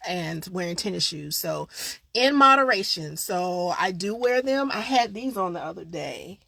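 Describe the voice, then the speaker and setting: A woman's voice: fairly low pitch, animated, a little slow, vocal fry, pushed and bright. A woman hosting a casual live-stream show, chatting candidly and directly to her viewers. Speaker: host of a live online show.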